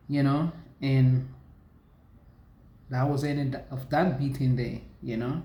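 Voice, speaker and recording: Woman, personal testimony, halting with restarts, roomy echo. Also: low-pitched, dark tone. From US Virgin Islands. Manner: halting, with restarts and slow emotional stretches. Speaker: survivor sharing her story.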